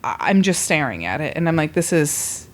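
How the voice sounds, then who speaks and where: A woman's voice: low voice, sing-song, normal speed. A woman guest on a podcast, chatting in a laid-back, joking way and laughing between sentences. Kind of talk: casual chat.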